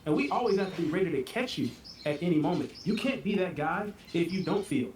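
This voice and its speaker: A man's voice: sits high, lively intonation, fast talker, a little mellow, slight background noise. A man speaking casually and emphatically in a heated panel debate.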